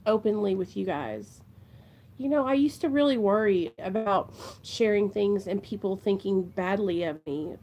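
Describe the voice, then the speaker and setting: A woman's voice: medium pitch, a little mellow, a little hiss or hum. A young woman, chatting earnestly and emotionally to her vlog viewers, rambling and addressing them as "you guys.". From Ohio. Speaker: vlogger. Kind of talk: casual heartfelt chat to camera.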